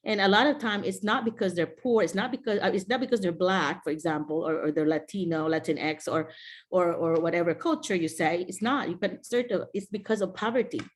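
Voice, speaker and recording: A woman's voice: lowish voice, fairly quick. Filipino woman mentoring teachers over video call. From Philippines. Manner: storytelling, often quoting others and laughing. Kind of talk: casual Zoom talk to teachers.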